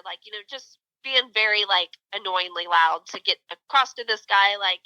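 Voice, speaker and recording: A woman's voice: medium pitch, moderate pace, no room sound, poor audio. A middle-aged woman co-hosting a podcast, telling a story in casual chat with lots of fillers. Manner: animated storytelling, many fillers. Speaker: podcast co-host.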